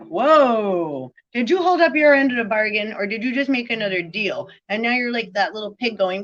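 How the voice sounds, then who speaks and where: A woman's voice: medium pitch, animated, moderate pace, hardly any pauses, a bit bright, muffled recording. A woman vlogging a rambling spiritual monologue, profane and full of free-associating word play.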